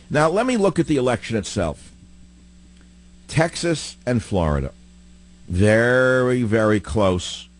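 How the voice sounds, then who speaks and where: A man hosting a political talk radio show, delivering a combative monologue full of rhetorical questions and emphatic repetition, swinging between loud outbursts and low muttering.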